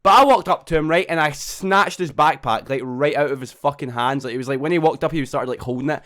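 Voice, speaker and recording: A man's voice: on the high side, fast talker, a bit bright. A young man tells a storytime vlog. He swears a lot and keeps asking "right?". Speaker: vlogger.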